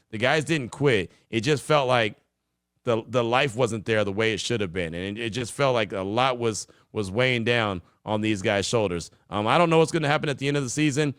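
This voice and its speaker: A relaxed male podcast host chats through sports talk in a loose, conversational way with plenty of ums and uhs. His voice sits at a middle pitch, and it is recorded dry and close. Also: clear, resonant tone, dry recording. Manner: relaxed, conversational, many fillers. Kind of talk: casual call-in show talk.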